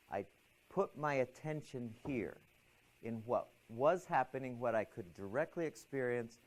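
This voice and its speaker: In a stress management class, a middle-aged male teacher narrates a personal experience with animated expression, repeatedly backing up to restart. His pitch is medium.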